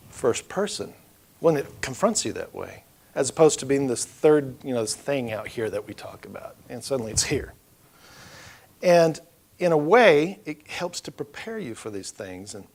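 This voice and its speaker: A middle-aged man, preaching a loose, storytelling sermon in church that swells loud and then drops low. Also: creaky. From Oklahoma. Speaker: pastor. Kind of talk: conversational sermon.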